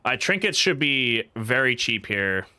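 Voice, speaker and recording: A young man from England chats through a game stream, his voice bright and forward with a mid-range pitch. He rambles, swears freely and tells stories with animated energy, close and dry on the mic. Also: moderate pace, no room sound. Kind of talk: casual live-stream chat while gaming.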